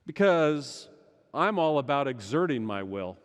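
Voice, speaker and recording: A middle-aged male pastor preaching a sermon, swinging between loud urgency and hushed intensity. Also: mid-range voice, sing-song, measured pace. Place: large church sanctuary. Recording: long church hall reverb.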